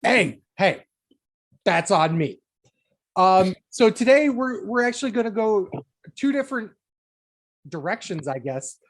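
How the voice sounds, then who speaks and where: A woman's voice: medium pitch, expressive, a little slow, pauses often. A woman co-hosting a casual wrestling podcast, wry and sarcastic, swearing freely. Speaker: podcast co-host. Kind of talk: casual profane podcast chat.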